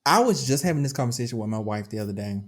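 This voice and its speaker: A young adult woman co-hosting a podcast in casual chat, animated and slangy, with a lot of profanity. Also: extremely low pitch, very fast. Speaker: podcast co-host.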